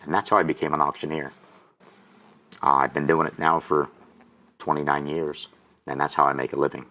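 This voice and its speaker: Deep-voiced man in his sixties, choked up. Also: flat delivery, fairly quick, sharp tone. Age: 60s. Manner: emotional, gets choked up telling his story. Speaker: guest auctioneer. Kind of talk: personal testimony storytelling.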